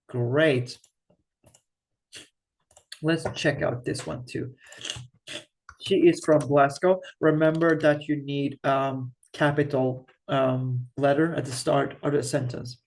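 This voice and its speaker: Slow, patient male language teacher. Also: a little high, steady tone. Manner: thinks aloud, slow and patient, frequent restarts. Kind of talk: screen-share grammar lesson.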